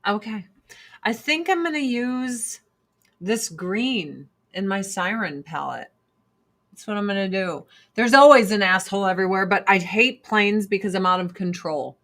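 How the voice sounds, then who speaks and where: A woman's voice: medium pitch, expressive, normal speed, fairly bright tone. A woman vlogger ranting to camera in a blunt, profane, exasperated way while doing her makeup. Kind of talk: casual ranting chat to camera.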